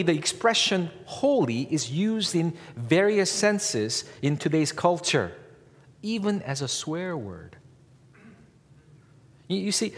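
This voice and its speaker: A man preaching a sermon as a pastor, speaking in a slow, measured way and lifting his voice on key words. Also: a little high. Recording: long reverb from a large hall.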